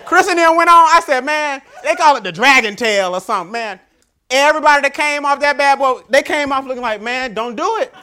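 A man giving a motivational keynote speech, telling stories with animated, emphatic repetition. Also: very high-pitched, brisk. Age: adult father. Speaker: keynote speaker.

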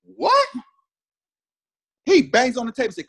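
A man's voice: extremely high pitch, huge pitch swings, measured pace, a bit bright. A man in his thirties, a former pro football player, telling a heated story in slangy, emphatic casual talk and acting out what others said. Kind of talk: animated storytelling chat.

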